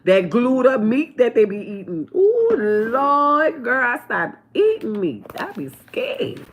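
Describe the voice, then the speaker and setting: A woman hosting a casual livestream, talking in with big pitch swings and loud bursts. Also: big pitch swings, measured pace. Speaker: livestream host.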